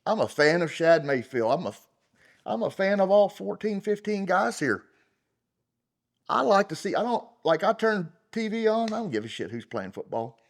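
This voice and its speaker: Blunt, profane middle-aged man. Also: fairly high pitch. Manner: blunt, profane, heats up into loud rants; rambling, full of fillers like "you know" and "like". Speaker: champion rodeo roper, interview guest. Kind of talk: unfiltered casual interview talk.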